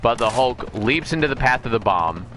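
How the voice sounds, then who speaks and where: With a little hiss or hum in the recording, a man with an animated, medium-pitched, fairly bright voice tells a comic story while streaming a game. It's a rambling, self-correcting recap delivered casually, with sudden bursts of speed.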